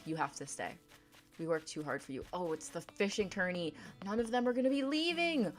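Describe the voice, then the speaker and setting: A low-pitched woman chats through a game livestream, swinging into theatrical mock outrage. She greets viewers and rambles between quips, with faint music underneath. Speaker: game streamer. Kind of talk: casual livestream chat.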